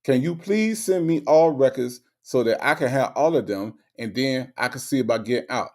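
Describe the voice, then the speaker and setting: A man mimicking a defendant who pleads his innocence in halting, broken English. The voice sits at an ordinary middle pitch. It comes out stubborn and repetitive. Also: darkish tone, natural voice. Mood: pleading.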